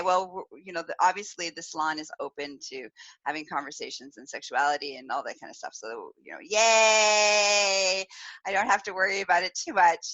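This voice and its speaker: A woman podcast host telling a story in casual, animated talk, laughing often and using many fillers. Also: deep voice, no echo, low-quality recording. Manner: animated, giggly, lots of fillers. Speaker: podcast host, sexual wellness specialist.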